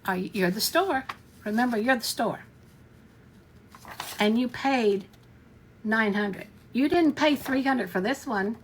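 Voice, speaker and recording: A woman talking straight to her viewers in a relaxed, chatty explainer. She keeps circling back to the same points and asks whether you are following, with an earnest, persuasive push to it. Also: takes it slowly, pauses often, a little hiss or hum. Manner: repetitive, checks listener understands with questions; earnest, emphatic sales pitch. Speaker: online business vlogger. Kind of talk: casual explainer to camera.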